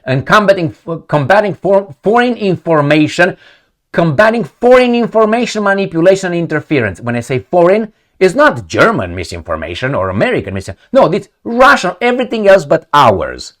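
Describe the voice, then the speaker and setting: Angry ranting man with lively pitch. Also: a little fast. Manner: profane, addresses viewers directly. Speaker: political commentator. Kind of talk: solo commentary reading news articles.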